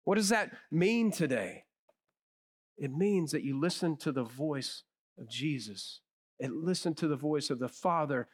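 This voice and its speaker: A male pastor preaching a sermon, telling stories with emphasis and dropping to a hush on key phrases. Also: fairly high pitch. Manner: animated storyteller.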